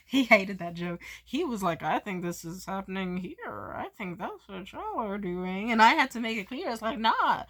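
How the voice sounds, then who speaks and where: A drunk woman vlogging a profane, joking story in a casual, animated way. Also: on the high side, normal speed. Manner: animated, profane, jokey, slurs words while tipsy.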